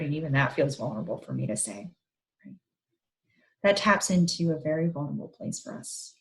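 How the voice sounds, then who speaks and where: Woman, 30s, low voice, gentle reflective psychologist leading an online talk. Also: creaky, poor audio. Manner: gentle, reflective, guiding listeners through an exercise. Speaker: psychologist giving a parent talk.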